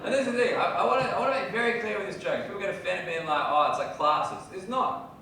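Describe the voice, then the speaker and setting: A man's voice: expressive, very fast, recorded from a distance. Brash, sweary Australian man on a comedy club stage. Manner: brash, sweary, swings between shouted bits and low asides. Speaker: stand-up comedian. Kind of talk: stand-up comedy set. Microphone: handheld stage mic. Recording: echoey club, heard from afar, loud audience noise.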